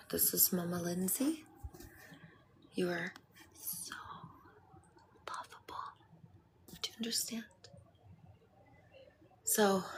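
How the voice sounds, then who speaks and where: A middle-aged woman speaking tenderly to her viewers like a mother, often sinking to a whisper and then bursting out loud. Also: medium pitch, a little hiss or hum. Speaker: host talking to her viewers. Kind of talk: intimate motherly address to viewers.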